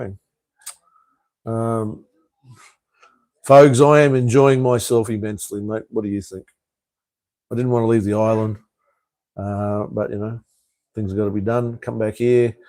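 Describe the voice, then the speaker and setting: A man's voice: fairly low pitch, fairly even intonation, normal speed, long pauses, a little mellow, dry recording. Aussie bloke in his fifties doing a live chat, blunt and sweary, dry close sound. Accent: Australian. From Australia (Tasmania). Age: 50s. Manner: blunt, swears freely, chuckles between remarks. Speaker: live stream host. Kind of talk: casual live chat reading viewer comments.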